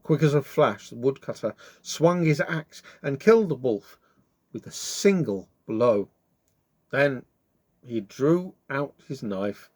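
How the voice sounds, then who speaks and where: Brief: lively male story reader, very animated pitch, dry close mic. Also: no room sound. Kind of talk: children's story reading.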